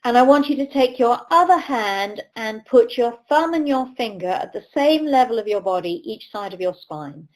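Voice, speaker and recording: A woman's voice: on the high side, expressive, moderate pace, few pauses, low-quality recording. British woman coach telling riding stories. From United Kingdom. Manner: storytelling, acts out quoted voices. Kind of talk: webinar lecture with anecdotes.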